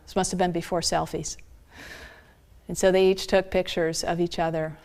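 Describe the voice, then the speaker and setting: A woman minister preaching a sermon, retelling a story earnestly and slowing down for emphasis. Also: fairly low pitch, flat delivery, a little mellow.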